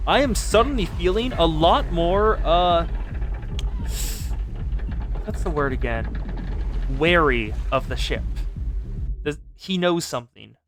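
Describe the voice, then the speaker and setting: A man's voice: on the high side, animated, slow pace, long pauses, a bit bright. A young man streaming a game, giving playful, jokey commentary and reading dialogue aloud. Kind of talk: casual let's-play commentary with read-aloud dialogue. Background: game music.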